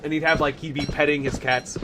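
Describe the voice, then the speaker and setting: A man's voice: fairly high pitch, flat delivery, brisk, background noise. A man hosting a game live stream, chatting playfully with viewers and laughing often. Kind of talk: casual live stream chat.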